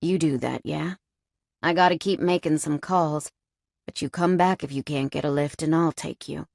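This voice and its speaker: A woman voicing a gruff, growling male biker in a romance audiobook, dropping her voice low. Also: moderate pace, darkish tone, no echo, studio quality.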